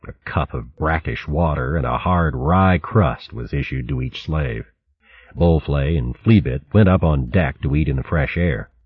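Deep, husky male storybook narrator. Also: dry recording. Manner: measured, dramatic storytelling. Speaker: audiobook narrator. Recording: dull dry audiobook recording.

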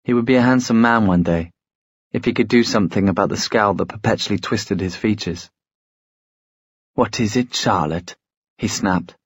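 A man narrating a story in a measured, storytelling way. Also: on the low side, breathy edge, no echo. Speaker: audiobook narrator. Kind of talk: scripted narration.

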